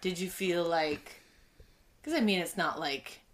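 A woman's voice: on the low side, measured pace. A woman hosting a casual podcast interview, asking curious questions and reacting with gasps and laughs. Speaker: podcast host.

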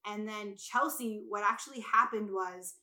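A woman with a bright, forceful voice tells a story between friends. She is animated, swears often and acts out what people said in loud bursts. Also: mid-range voice, normal speed. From Italian heritage. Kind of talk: casual chat.

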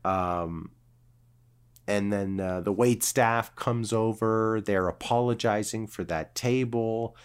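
A man's voice: lowish voice, slow pace, smooth. A man telling a rambling story in casual chat, full of fillers and swearing. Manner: swearing, filler-heavy, animated retelling.

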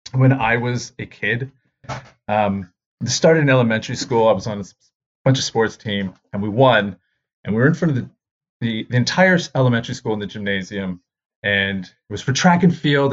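Brief: male comedian, thirties, rambling self-deprecating storyteller, medium pitch, somewhat muffled lo-fi recording. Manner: rambling, self-deprecating, acts out voices in his anecdotes. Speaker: stand-up comedian. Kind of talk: personal storytelling. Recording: dull lo-fi recording.

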